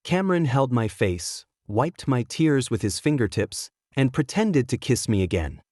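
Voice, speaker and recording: A man's voice: medium pitch, expressive, unhurried, darkish tone, no room sound, clean studio sound. Man reading a first-person story. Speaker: narrator.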